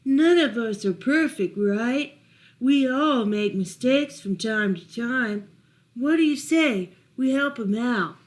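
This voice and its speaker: A woman voicing a firm but kindly male moose who scolds gently, in a storybook read aloud. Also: on the high side, expressive, takes it slowly. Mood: coaxing.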